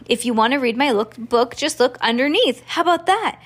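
A woman's voice: high voice, lively intonation, brisk, husky, pitched above the performer's own voice. A woman reading a storybook aloud, voicing a nerdy know-it-all young schoolboy who talks eagerly and lectures. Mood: lecturing.

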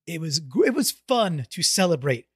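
A man co-hosting a casual sports podcast, excitable and jokey, often restarting his sentences. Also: on the high side, normal speed, husky, dry recording, studio quality. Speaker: podcast co-host.

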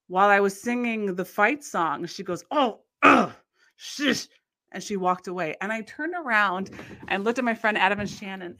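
A woman casually telling a long anecdote in conversation. She rambles with restarts and acts out the people in her story with big jumps in pitch. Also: fairly bright tone. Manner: rambling, many restarts and fillers.

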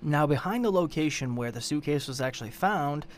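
A man's voice: fairly high pitch, expressive, brisk, slight background noise. A man hosting a show, giving a casual, rambling recap of a true-crime story and swearing in exasperation as he goes. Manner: profane, exasperated, rambling retelling. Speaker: show host.

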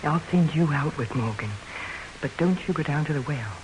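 A woman's voice: low-pitched, animated, moderate pace, darkish tone, a little hiss or hum, rough recording. An actress playing a blunt, protective frontier widow and mother in an old radio drama. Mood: determined. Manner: blunt, threatening and commanding. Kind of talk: 1940s radio acting.

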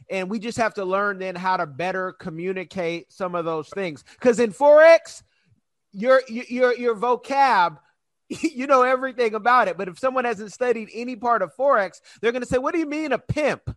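Man, high voice, dry close sound, animated, chatty, interview host. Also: normal speed, no echo. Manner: animated, chatty, laughs easily. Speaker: podcast host. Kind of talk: conversational interview.

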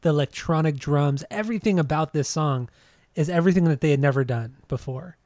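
A man's voice: on the high side, brisk, darkish tone, dry recording, clean studio sound. A man co-hosting a podcast, rambling and swearing in casual chat about music. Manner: rambling, profane, with frequent restarts. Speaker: podcast co-host.

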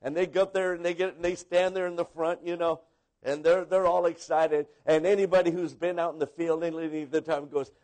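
A man's voice: a little high, little pitch movement, brisk, a little mellow. A man preaching a sermon to a congregation, rambling and repeating words, with comic asides where he imitates people. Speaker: pastor.

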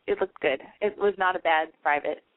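A woman's voice: on the low side, moderate pace, dry recording. A brash, profane woman hosting a call-in advice radio show, a little tipsy, talking animatedly. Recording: dry, phone-like lo-fi sound.

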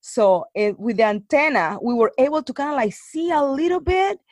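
A woman's voice: sits high, moderate pace, no room sound. Chatty woman with dry close sound. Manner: animated storytelling, many fillers and restarts. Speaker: guest. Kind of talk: casual chat.

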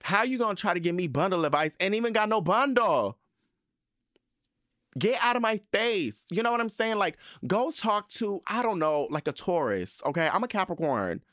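A man's voice: high-pitched, sing-song, brisk, few pauses, fairly bright tone, no room sound, studio quality. A man hosting a podcast, ranting in a casual, sassy and profane way with lots of emphasis. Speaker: podcast host.

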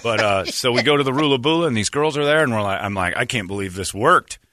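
Animated man telling a bar story. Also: medium pitch, fast talker, dry recording, clean studio sound. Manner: animated, puts on loud voices for the people in his story. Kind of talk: comic storytelling.

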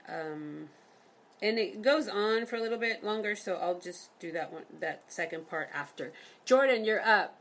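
A woman's voice: medium pitch, expressive, a bit bright. A woman hosting a poetry session over a video call, chatting casually and reading her own rhyming poem. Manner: chatty, full of fillers, reads rhymes briskly.

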